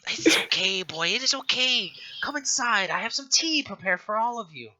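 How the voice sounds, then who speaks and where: A game master voicing a frail, kindly old woman who runs an orphanage, soft-spoken and fussing over her guests. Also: high-pitched, expressive, normal speed, crowd noise, pitched above the performer's own voice, poor audio. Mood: comforting. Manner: warm, fussing, soft-spoken, leans on a cane.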